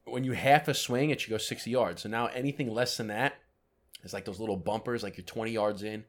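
A man co-hosting a podcast, telling a story in casual chat, animated and swearing often. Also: lowish voice, brisk. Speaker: podcast co-host.

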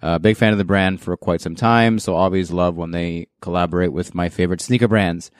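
Chill podcast guy, real low voice, dry close mic, jokey and loose. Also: a little fast, smooth, no echo. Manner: relaxed, joking, loose and chatty. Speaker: podcast host. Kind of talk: casual sneaker podcast chat.

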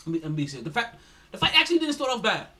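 A man's voice: high voice, sing-song, rapid-fire. A man hosting a casual sports podcast, laughing often and rambling through fight talk with lots of restarts. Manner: laughs a lot, does loud mock voices, rambles with restarts. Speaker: podcast host.

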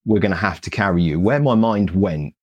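The recording is muffled, and the man's husky, low voice runs a little fast. He's a British Paralympian appearing as a guest speaker in an interview, recounting his story with energy and self-deprecation while acting out past conversations.

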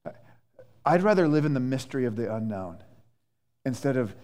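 A male pastor preaching a sermon in a conversational, animated way, with many restarts and fillers. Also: mid-range voice, a little fast. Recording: echoey church hall.

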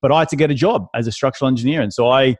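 A quick, chatty Australian man in his thirties, talking as an interview guest with plenty of restarts. His voice is mid-pitched and sounds close and dry, with no room around it. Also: dry recording. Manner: fast, chatty, frequent restarts. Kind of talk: casual interview storytelling.

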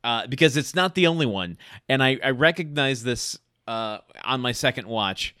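A man co-hosting a movie podcast, retelling scenes in relaxed, casual storytelling. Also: moderate pace, smooth, no echo, clean studio sound. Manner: relaxed storytelling, lively swings in pitch. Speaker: podcast co-host. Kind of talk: casual movie review chat.

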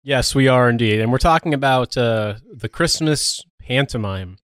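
A man's voice: mid-range voice, moderate pace, a bit bright, no room sound, studio quality. A man from the United States co-hosting a podcast, chatting casually with sardonic, sweary jokes. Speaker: podcast co-host. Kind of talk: casual comedic chat. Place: home recording room.

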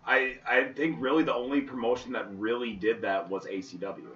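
A man's voice: mid-range voice, steady tone, a little fast, fairly bright tone. A man co-hosting a podcast, explaining his views at length in casual chat. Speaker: podcast co-host. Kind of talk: casual chat about local wrestling. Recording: roomy, distant, muffled.

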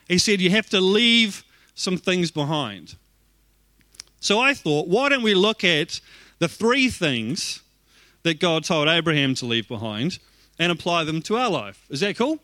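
A man with a high, bright voice preaches to his church with energy. He shifts easily into playful asides and little jokes with the congregation. The sound is close and dry, with almost no room echo. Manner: lively, joking asides to the congregation. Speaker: pastor. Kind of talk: sermon.

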